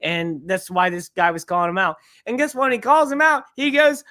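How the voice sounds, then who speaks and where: A man's voice: high-pitched, fairly quick, hardly any pauses. A man hosting a podcast who rants in a casual, profane way while reacting to a clip. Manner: ranting, profane, animated. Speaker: podcast host.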